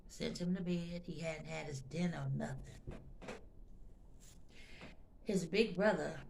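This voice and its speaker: Very gravelly woman telling a story. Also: low-pitched, darkish tone, slight background noise. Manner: chatty, addresses viewers directly, repeats phrases for emphasis; emotional, intense when recounting. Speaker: storytime vlogger. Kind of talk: casual storytelling to viewers.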